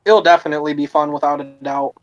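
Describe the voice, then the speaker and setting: A young man co-hosting a podcast in casual chat, relaxed and keeping his voice down. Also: fairly high pitch, fast, muffled recording. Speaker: podcast co-host.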